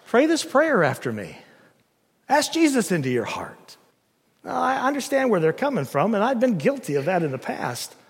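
A man preaches with a high, lively voice that swings widely in pitch, hammering his points home and throwing rhetorical questions at the listeners. His voice rings through a hall with a long reverb. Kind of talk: sermon.

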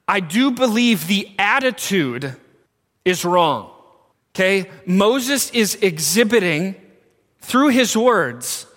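A man's voice: sits high, a bit bright, big-room sound. A man preaching a sermon as pastor, emphatic and asking his listeners questions. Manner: emphatic, asks the congregation questions.

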